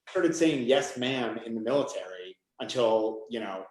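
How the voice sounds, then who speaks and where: A man's voice: mid-range voice, animated, moderate pace, reverberant, rough recording. A man from Maine, an author guest, speaking in a rambling, casual way full of "you know" and "like" on a video call. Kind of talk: casual conversation.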